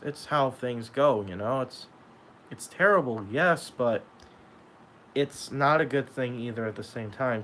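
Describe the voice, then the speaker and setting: A young man talking in an emotional vlog monologue, halting and repeating himself as he speaks of loss. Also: medium pitch, a little hiss or hum, poor audio. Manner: halting, repeats and restarts, sad. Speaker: YouTuber.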